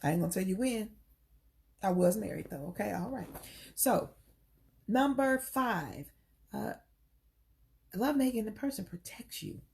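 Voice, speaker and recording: A woman's voice: mid-range voice, expressive, a little slow, gravelly, long pauses, darkish tone, a little hiss or hum. A middle-aged woman coaching on relationships in casual, sassy talk, preaching straight to the ladies. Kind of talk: casual talk to camera, live stream.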